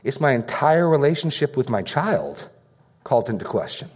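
Male pastor, thirties, mid-pitched voice, earnest emphatic sermon delivery, long hall reverb. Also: sing-song, moderate pace. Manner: earnest, emphatic preaching with repetitions.

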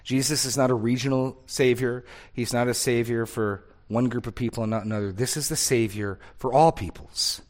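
Man, pastor preaching, earnest, emphatic, mid-pitched voice. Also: fairly even intonation, normal speed, few pauses. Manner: earnest, emphatic, reads scripture aloud with rising force. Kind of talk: sermon.

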